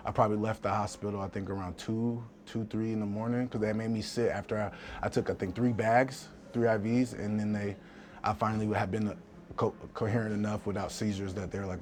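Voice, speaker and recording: Male fighter, interview guest, animated storyteller who plays out the voices in his tale, faint noise behind. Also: lowish voice, a little fast. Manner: animated, acts out quotes, frequent restarts.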